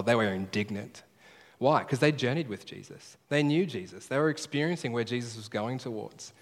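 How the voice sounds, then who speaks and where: A male pastor preaching a sermon, emphatic and repeating his key phrases slowly. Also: mid-range voice, lively intonation. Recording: preaching in a large reverberant hall.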